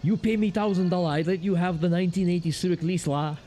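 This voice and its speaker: A man voicing a pushy male shop owner who bargains in clipped broken English, pitched above his own voice. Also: animated, measured pace, dark tone, a little hiss or hum. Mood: pushy haggling.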